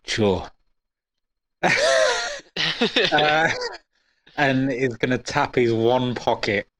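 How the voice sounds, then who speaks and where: A man's voice: medium pitch, extremely slow, fairly bright tone. A man taking part as a player in a tabletop role-playing game, hesitant and often laughing. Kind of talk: casual role-play chat.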